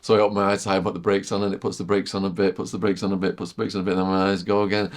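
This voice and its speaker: A middle-aged man telling a vivid story as a podcast guest, repeating phrases and sinking to a hushed near-whisper at tense moments. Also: low voice, flat delivery, rapid-fire. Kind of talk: storytelling in casual chat.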